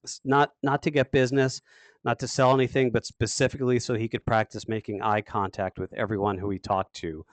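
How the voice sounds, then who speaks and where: A man giving a sales training webinar, talking quickly and with emphatic energy. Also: mid-range voice, dry recording. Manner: fast, emphatic, energetic delivery. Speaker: sales coach.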